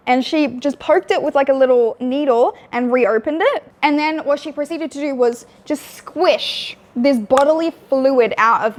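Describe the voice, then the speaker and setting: Blunt, foul-mouthed young woman storyteller. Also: on the high side. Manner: blunt and frank, swears often, many fillers. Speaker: vlogger. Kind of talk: candid storytelling.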